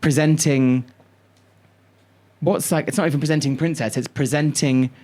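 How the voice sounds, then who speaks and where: Brief: male podcast co-host, animated and sweary, chatting casually in a studio. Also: a little high, normal speed. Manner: animated, swears freely, storytelling. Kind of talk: casual chat.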